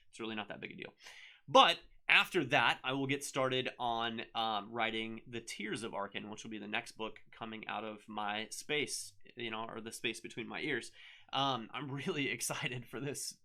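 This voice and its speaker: A middle-aged man hosting a casual live stream, talking in a loose, rambling way full of ums and asides. His voice has a gravelly edge but stays bright and forward. He keeps an upbeat, chatty flow as he answers comments. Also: mid-range voice. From United States. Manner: rambling, upbeat, many fillers. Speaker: show host and author.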